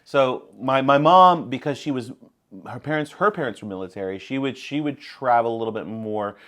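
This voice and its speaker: A man from Texas with a neutral American accent, talking in a casual podcast interview as the guest, animated and talkative with frequent restarts. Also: medium pitch, moderate pace.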